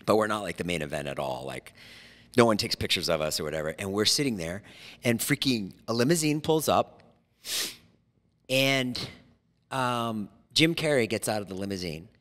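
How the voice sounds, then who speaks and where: A man's voice: fairly low pitch, animated, normal speed, a bit bright, long reverb tail. A man in his forties hosting a podcast in a studio, telling rambling stories and laughing often. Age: 40s. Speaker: podcast host. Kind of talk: casual chat.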